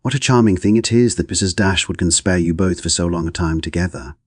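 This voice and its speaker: A man's voice: low-pitched, fairly quick, slightly rough, dry recording, studio quality. A man voicing a gushing, insincere young woman in an audiobook, with pointed emphasis.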